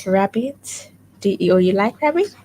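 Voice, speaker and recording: A woman hosting a radio reading segment, patiently prompting and gently correcting a young reader. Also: mid-range voice, animated, moderate pace, slight background noise, poor audio. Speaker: radio host coaching a child reader. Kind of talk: guided reading lesson.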